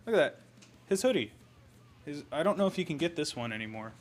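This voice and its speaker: A man's voice: on the high side, sing-song, moderate pace. A young man chatting casually on a live stream, greeting viewers and thinking aloud as he posts online. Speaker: livestreamer. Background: faint metal music.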